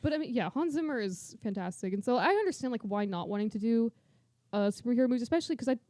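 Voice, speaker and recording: A young woman co-hosting a podcast in casual chat, animated and enthusiastic, giggling often. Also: a little high, quick pace, no echo, studio quality. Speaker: podcast co-host.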